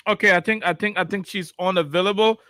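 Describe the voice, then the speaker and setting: Man, radio host, brisk, hurried, high-pitched. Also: fairly even intonation, pushed and bright, no room sound, clean studio sound. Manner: brisk, hurries callers along. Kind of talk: moderating call-in radio.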